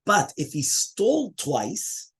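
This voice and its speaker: Husky-voiced rabbi teaching a Talmud class. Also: male voice, high-pitched, wildly swooping pitch, takes it slowly, fairly bright tone. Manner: explains step by step, often checks in with "right?"; fields questions and interruptions from students.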